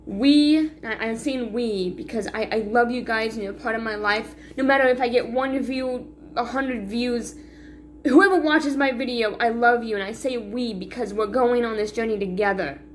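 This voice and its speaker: A woman's voice: fairly high pitch, normal speed, a little hiss or hum. A woman talking to her viewers in a rambling, self-critical confessional vlog, full of restarts and sighs. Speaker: vlogger.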